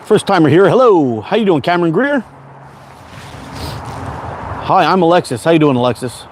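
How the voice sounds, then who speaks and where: A man's voice: a little high, sing-song, moderate pace, a little mellow, slight background noise. A Canadian man in his forties hosting a casual livestream, rambling and chatting as he answers viewer comments. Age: 40s. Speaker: livestream host.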